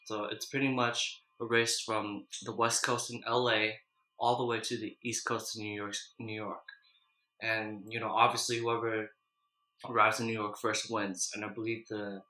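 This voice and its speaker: Guy talking while he eats spicy noodles, kinda bright voice, roomy echo, lots of "you know"s. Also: on the low side. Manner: chatty, loose, with frequent restarts and "you know". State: runny nose from spicy food, clearing throat. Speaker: mukbang vlogger. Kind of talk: casual mukbang chat and anime recap.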